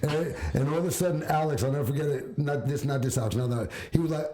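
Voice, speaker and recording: A man's voice: a little high, fast talker, dark tone. A middle-aged man hosting a casual podcast, telling earnest personal stories and checking in with "you know what I mean". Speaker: podcast host. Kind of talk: casual mentoring chat.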